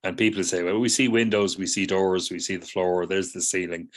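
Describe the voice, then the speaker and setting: A man's voice: low voice, fairly even intonation, fairly quick. A middle-aged man teaching psychotherapy students, explaining patiently, often checking in with "do you see?" and acting out people's replies. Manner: acts out students' replies in quoted voices. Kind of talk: lecture to students.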